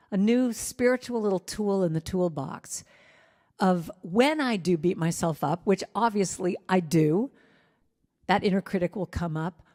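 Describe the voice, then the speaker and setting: A woman's voice: mid-range voice, a little mellow, in a large hall. A woman guest speaker and singer telling a candid, self-deprecating personal story to a spiritual gathering. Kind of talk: sermon-style personal story. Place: spiritual center hall.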